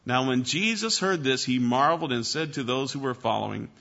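A man's voice: mid-range voice, animated, a little fast, vocal fry, pushed and bright, dull audio. A man preaching a sermon, emphatic, repeating key phrases and putting questions to his listeners. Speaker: pastor.

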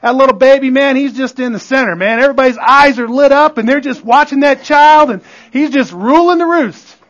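High-voiced preacher man, lo-fi. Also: a little fast, a bit bright. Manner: conversational preaching with call-outs to the congregation. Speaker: pastor. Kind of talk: sermon. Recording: dull lo-fi recording.

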